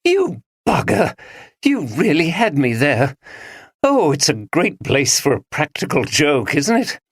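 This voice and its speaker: A man reading an audiobook voices a cheerful, easily startled middle-aged woman in a lifted, lively tone. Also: sits low, unhurried, slightly rough, dry recording, clean studio sound, pitched above the performer's own voice, heavily acted. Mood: startled, laughing. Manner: lively, exclaiming.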